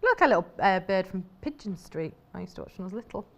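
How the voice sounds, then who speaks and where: A woman's voice: medium pitch, very animated, quick pace, highs cut off. A woman presenting live on a shopping channel in a TV studio, chatty and enthusiastic, rambling as she shows fabrics.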